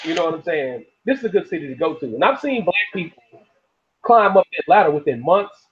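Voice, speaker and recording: A man's voice: a little high, expressive, brisk. A man in casual chat as a podcast guest, blunt and profane, often asking "you know what I'm saying". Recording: dull lo-fi sound.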